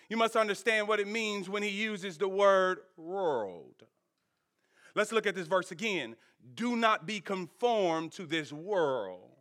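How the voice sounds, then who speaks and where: A man preaching a sermon in a very high, bright voice. He keeps an unhurried pace and talks with the congregation in a lively back-and-forth way. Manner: animated, conversational preaching with call-and-response. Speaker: pastor.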